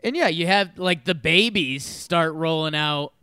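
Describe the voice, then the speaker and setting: Smooth-voiced man in casual chat. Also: on the high side, unhurried, no echo, studio quality. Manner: animated, acts out quoted voices. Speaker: co-host.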